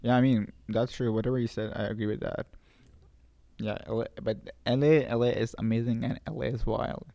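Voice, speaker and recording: A man co-hosting a podcast, chatting agreeably in a halting casual way. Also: mid-range voice, flat delivery, creaky, warm tone, dry recording. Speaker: podcast co-host. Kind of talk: casual chat.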